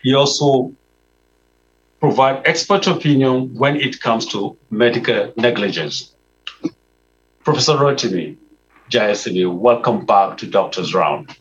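A man hosts a health show with formal, welcoming introductions. His voice sits at a middle pitch. The sound is somewhat dull and lo-fi. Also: a little slow, pauses often, a bit bright, a little hiss or hum. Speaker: host. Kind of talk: health talk show hosting.

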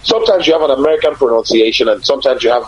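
Husky man, emphatic, lo-fi. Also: mid-range voice, lively intonation, rapid-fire, no room sound. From Nigeria. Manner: emphatic, repeats words while searching for them. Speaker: broadcaster and conference moderator. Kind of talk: casual interview talk. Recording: husky voice on dull lo-fi audio.

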